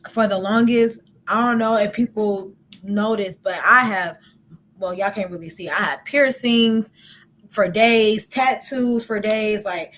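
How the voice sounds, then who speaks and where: A woman's voice: medium pitch, measured pace, fairly bright tone. Young woman hosting a podcast, chatty, laughs a lot, faint hiss behind. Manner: chatty, laughs often, lots of "like" fillers. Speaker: podcast host. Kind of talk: casual podcast chat.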